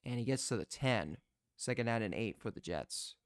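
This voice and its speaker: A young man giving live play-by-play as a fan commentator, excitable and prone to restarting his sentences. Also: medium pitch, moderate pace, dry recording, studio quality. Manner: excitable, shouts in disbelief, repeats and restarts.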